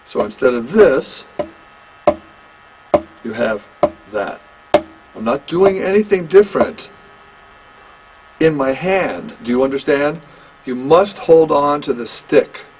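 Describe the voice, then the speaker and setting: A man teaching a private drum lesson, explaining technique in halting phrases with restarts and frequent check-ins with his student. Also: fairly high pitch, expressive, noisy background. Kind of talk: one-on-one instrument lesson.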